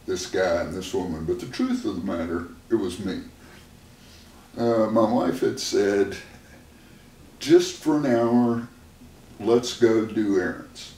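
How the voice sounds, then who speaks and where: A man with a lowish voice talks very slowly, in the easy manner of a therapist sharing stories and laughing along the way. He sits some distance from the microphone in a room that rings back, with a faint hiss underneath. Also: mellow. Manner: slow, unhurried, laughs often. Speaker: therapist and host. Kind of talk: casual conversational storytelling. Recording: roomy room sound from a distant mic, faint noise.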